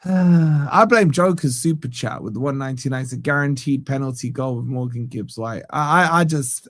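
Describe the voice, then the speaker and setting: A man's voice: medium pitch, moderate pace, few pauses, a bit bright, no room sound. A man hosting a fan channel, giving live watch-along commentary on a match from a studio, ranting in exasperation and tagging "man" onto nearly every line.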